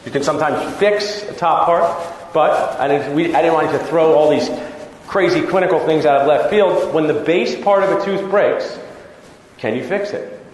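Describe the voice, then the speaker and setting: A man's voice: on the high side, moderate pace. A man, a dentist, giving a casual, joking conference talk to dental students and acting out chats with patients. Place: large lecture hall. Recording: echoey hall with long reverb.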